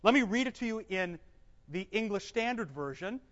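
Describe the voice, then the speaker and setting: A Bible teacher reads scripture aloud at a slow pace to a live class, then explains the passages. He quizzes the group but answers his own questions, using a mid-range voice with lively intonation. The hall recording sounds dull and echoey.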